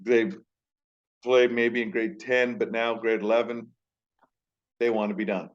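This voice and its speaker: A man's voice: mid-range voice, flat delivery, measured pace, dull audio. Rambling, self-deprecating male teacher. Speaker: high school teacher. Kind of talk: casual vlog talk.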